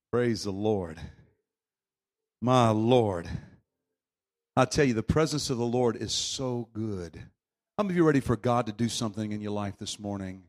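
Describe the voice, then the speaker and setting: A man preaching a sermon with fervent energy, swinging from shouts to quiet storytelling. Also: medium pitch.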